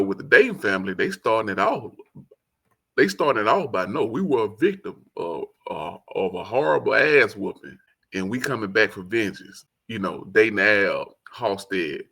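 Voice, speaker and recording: A man with a Southern accent casually reviewing a hip-hop album as host, excitable and rambling as he talks. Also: on the low side, normal speed, gravelly. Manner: excitable, rambling, quotes lyrics in song voice. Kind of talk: casual solo commentary.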